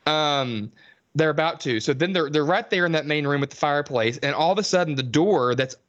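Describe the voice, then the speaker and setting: Guy cohosting a podcast, kinda high voice, swears a lot, does silly high voices for the characters. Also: brisk, fairly bright tone, muffled recording. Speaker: podcast co-host. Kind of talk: casual chat recapping a film.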